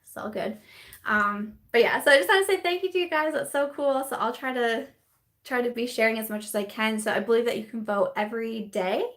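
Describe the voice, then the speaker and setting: A woman's voice: on the high side, a little fast, fairly bright tone. Chatty woman rambling through a live chat. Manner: chatty and rambling, with many fillers and repeated restarts. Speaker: beauty vlogger hosting a live chat. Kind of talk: casual live-stream chat reading viewer comments.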